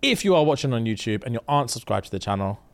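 A man's voice: mid-range voice, racing. A man co-hosting a casual podcast, joking around and riffing on ad reads. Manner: jokey, animated, drifts into mock voices. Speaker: podcast co-host.

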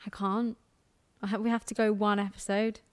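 A woman's voice: medium pitch, level tone, moderate pace, smooth, no room sound, studio quality. A young woman co-hosting a podcast, chatting casually, exclaiming and laughing often. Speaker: podcast co-host. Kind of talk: casual chat.

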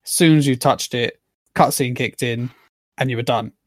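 A man's voice: medium pitch, normal speed, no room sound, studio quality. Man walking through a game puzzle. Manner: explains step by step, easygoing. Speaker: podcast co-host. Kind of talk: casual gaming chat. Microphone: own microphone on a remote call.

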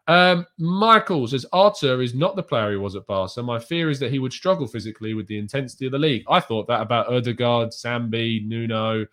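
A man hosts a casual live stream from a small room at home, reading viewers' questions aloud. His voice sits at a middle pitch, and he answers candidly and chattily, with plenty of ums and quick asides. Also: fairly bright tone.

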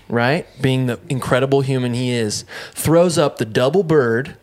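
Animated storytelling man. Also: mid-range voice, normal speed, hardly any pauses. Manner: animated, profane, laughing often. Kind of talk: comedic storytelling.

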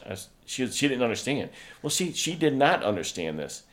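A man in casual, frank conversation who tells stories bluntly, swears freely and loudly acts out his own remarks. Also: medium pitch, very animated, brisk. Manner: blunt, profane storyteller, quotes himself loudly.

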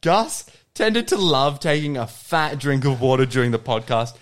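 A man's voice: mid-range voice, very animated, normal speed. A young Australian man co-hosting a podcast in casual, joking chat, swearing freely. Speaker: podcast co-host.

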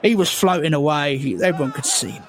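A man telling an absurd story in a deadpan, rambling way, full of hesitations and fillers. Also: a little high, fast, background noise. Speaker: improvised comedy guest. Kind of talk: deadpan improvised comedy character.

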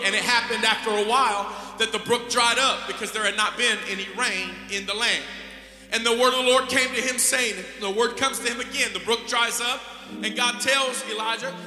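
A man's voice: very high-pitched, fairly even intonation, brisk, bright, forceful tone. A pastor in his thirties preaching a sermon and calling out to the congregation. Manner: emphatic preaching with crowd call-outs. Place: church sanctuary. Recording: echoey hall with music behind.

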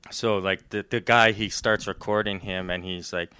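A man's voice: fairly low pitch, fairly even intonation, normal speed, sharp tone, clean tone. A young man in casual chat, telling a rambling story and laughing often.

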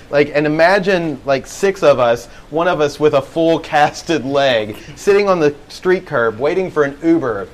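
A man co-hosting a live podcast at an event venue laughs and goofs his way through a story in casual chat. The recording is rough, and his voice is fairly high-pitched and a bit bright.

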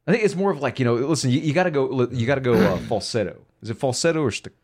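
A man's voice: medium pitch, very fast, darkish tone. A man co-hosting a casual podcast, speaking frankly with lots of filler words. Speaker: podcast co-host. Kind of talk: casual chat.

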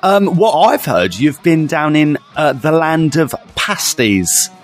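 A young man co-hosting a podcast, chatty and excitable, rushing his words in bursts. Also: fairly high pitch, faint music behind. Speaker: podcast co-host. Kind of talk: casual chat.

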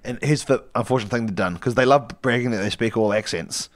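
A man's voice: medium pitch, fast. Rambling man co-hosting a comedy podcast. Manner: rambling, laughs mid-sentence, frequent restarts. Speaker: podcast co-host. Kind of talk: improvised comedic retelling.

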